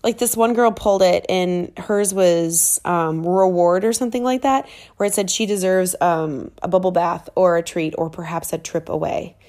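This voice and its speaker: A woman vlogging in a chatty, excitable way, full of fillers, recording in a rented apartment. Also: lowish voice, normal speed, hardly any pauses. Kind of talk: casual travel chat. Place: rented apartment in a big city.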